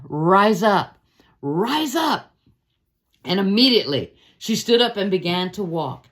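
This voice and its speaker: A woman leads a daily devotional and talks through a Gospel chapter like a friendly chat. Her voice rises and falls a great deal, and she slips into the voices of the people in the story as she tells it. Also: mid-range voice. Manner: lively, conversational, acts out the story's voices. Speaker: Bible devotional host. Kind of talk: informal Bible teaching.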